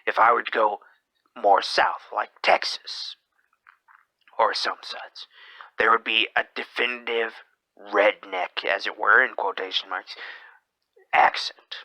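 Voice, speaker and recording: A man with a gravelly, fried voice drifts through a brooding monologue at a very slow pace, often sinking into whispers partway through a sentence. His tone is sharp and tense rather than soft. The sound is dry and close. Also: lowish voice, little pitch movement, dry recording, low-quality recording. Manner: slips into whispers mid-sentence; rambling, hesitant delivery. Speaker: podcast host.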